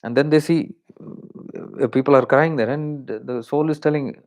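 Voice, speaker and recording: A man with an Indian accent giving a spiritual talk, unhurried and reflective, drawing out words for emphasis and slipping into Hindi phrases. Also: medium pitch, darkish tone. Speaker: spiritual teacher.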